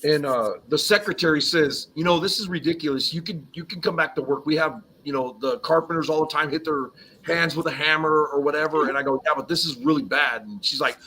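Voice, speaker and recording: Man, loose rambling storyteller, bright tone, faint room noise. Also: on the high side, fairly quick, low-quality recording. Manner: rambling storyteller, says "whatever" often. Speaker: guest, former iron worker. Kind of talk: casual live-stream chat.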